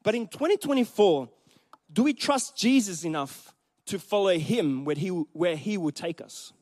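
A man preaching a sermon in a church, telling a story in an animated way and speaking directly to the congregation. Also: high voice, moderate pace.

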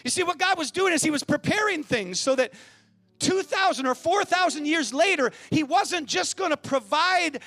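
A man's voice: extremely high pitch, animated, normal speed, pushed and bright, soft background music. A man preaching a sermon as a pastor, emphatic and calling out to the congregation in a church.

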